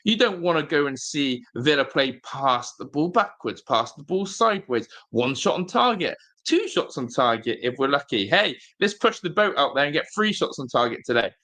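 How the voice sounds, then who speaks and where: A man's voice: on the high side, very animated, normal speed, few pauses, bright, forceful tone. A man, hosting a live football watch-along from a hotel room and ranting angrily at his team, swearing and repeating himself. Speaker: fan channel host.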